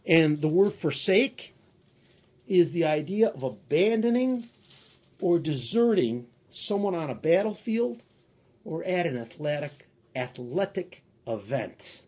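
A man with a husky, slightly high voice preaches a teaching sermon. He stresses points by repeating phrases. The recording sounds dull and lo-fi. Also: big pitch swings, takes it slowly, darkish tone. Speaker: pastor leading a Bible study.

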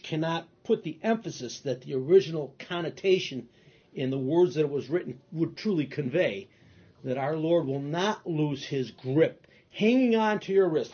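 A man's voice: on the high side, darkish tone, slightly rough, highs cut off. A man pastor teaching a Bible study, emphatic and repeating phrases for stress. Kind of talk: teaching sermon.

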